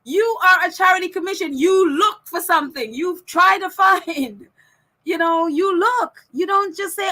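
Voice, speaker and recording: Woman podcast host, high and bright, chatty ranting delivery with lots of laughs. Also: a little slow. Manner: ranting, laughs often between phrases. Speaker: podcast host reading viewer comments. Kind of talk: casual opinion chat.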